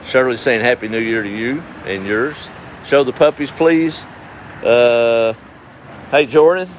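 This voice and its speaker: A man's voice: medium pitch, measured pace. A middle-aged man, hosting a casual outdoor livestream and reading viewer comments in a folksy, drawling way with frequent chuckles. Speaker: livestream host. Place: outdoors at dusk. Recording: faint outdoor noise with passing vehicles.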